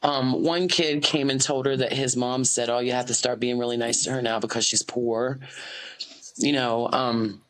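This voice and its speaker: An American woman in her forties, a podcast guest and activist, speaks candidly and earnestly in an interview from an indoor office. Her voice is a rumbling low with a steady tone at a normal pace, though the recording quality is low. Her talk is full of fillers and restarts.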